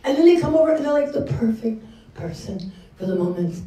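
A woman's voice: fairly high pitch, animated, a little fast, warm tone. A middle-aged woman giving a candid, conversational sermon at a church gathering, often acting out her own reactions. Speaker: speaker at a church women's session. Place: church hall. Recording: echoey room from a distance.

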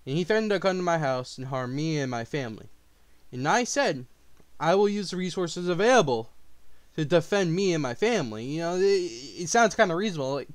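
Man, fairly high voice, lively swinging pitch, dry close sound, defensive profane rant. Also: dry recording. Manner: defensive and profane, swings between grumbling and yelling. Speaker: channel host reacting to a diss track. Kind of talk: heated casual reaction rant.

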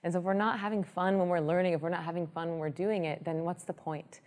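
A woman who teaches meditation, explaining her method in a lively way and telling an example story. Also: lowish voice, fast. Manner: lively storyteller, acts out quoted people.

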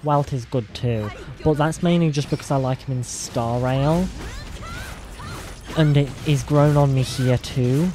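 A woman streaming casually, rambling and cursing between giggles as she practises a higher voice. She talks at a slow, unhurried pace in a soft, mellow tone. Faint music plays underneath. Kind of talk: casual livestream chat.

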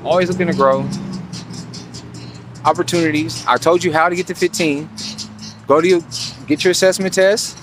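A man's voice: on the high side, steady tone, moderate pace, long pauses, over music. A man telling a rambling story and giving advice in a casual monologue, slangy and profane, often asking if the listener follows him. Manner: profane, slangy, keeps asking "you feel me". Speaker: vlogger giving financial advice.

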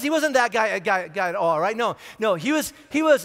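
Animated pastor with a high voice. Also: male voice, fast talker, hardly any pauses. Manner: animated, repetitive restarts, conversational with asides. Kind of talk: sermon. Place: large church auditorium. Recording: long hall reverb.

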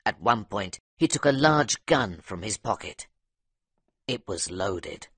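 Expressive male audiobook narrator. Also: on the low side, slow, slightly rough, no echo.

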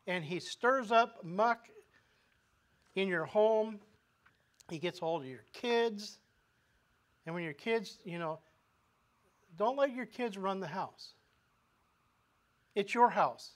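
With a high-pitched, fairly bright voice, this man preaches in a chatty style, often repeating words and posing rhetorical questions to the congregation.

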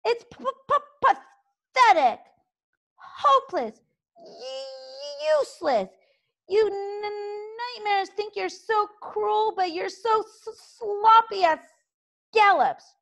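A woman voicing a small, boastful male dragon who stutters in a high, drawn-out voice, in a storybook read-aloud. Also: animated, creaky, a bit bright, full character voice. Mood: cheeky.

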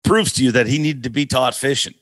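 A middle-aged man hosting a podcast, telling an animated story with laughs as he talks. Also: mid-range voice, fast talker, no echo. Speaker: podcast host. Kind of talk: casual storytelling chat.

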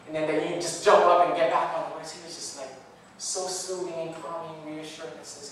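A man preaching a sermon, swinging from loud bursts to hushed tones when he quotes God softly. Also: on the high side, flat delivery, fairly quick, a little hiss or hum. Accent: Californian. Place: church hall. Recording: echoey hall from far off.

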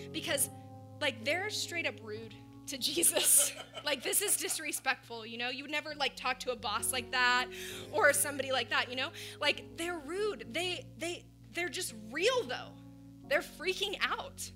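A woman pastor giving a conversational sermon, telling the story with animated emphasis and casual asides. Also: high-pitched, normal speed, faint music behind. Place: church.

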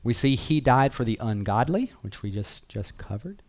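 A man's voice: medium pitch, expressive, moderate pace, darkish tone. A man teaching a Bible class in an earnest, conversational way, repeating key phrases and reading verses aloud.

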